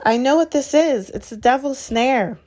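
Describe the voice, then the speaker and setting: A woman voicing a bossy, know-it-all young witch who gives sharp orders in a storybook reading. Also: sits high, moderate pace, voice pushed up. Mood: commanding.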